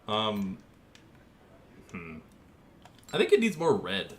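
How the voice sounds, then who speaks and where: Designing a paint scheme on stream, a young gamer chats casually, goofing around and laughing easily. He speaks slowly in a lowish voice with huge pitch swings.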